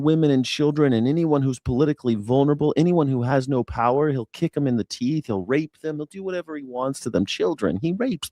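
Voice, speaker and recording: A man's voice: a little high, mellow, no echo, studio quality. A man hosting a news reaction show, mocking and sarcastic, with a heated edge. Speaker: host.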